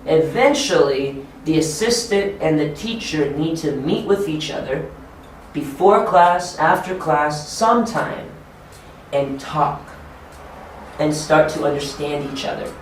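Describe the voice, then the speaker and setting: Man running a teacher training talk, slow simple wording, far off in a boomy room. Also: animated. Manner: deliberate, simple phrasing for learners. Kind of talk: training-session lecture. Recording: echoey room from far off, faint noise.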